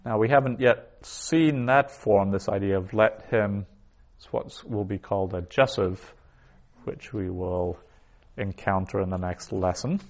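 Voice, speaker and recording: A recorded Hebrew lesson features a teacher whose voice is on the low side and a little mellow. He moves at a slow pace, pronouncing each word two times and then explaining it.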